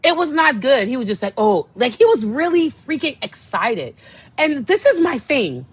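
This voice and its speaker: A young woman hosting a podcast, telling a candid story in a blunt, exasperated way, dropping to low murmurs and jumping to high outbursts. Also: big pitch swings, normal speed, no echo. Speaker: podcast host.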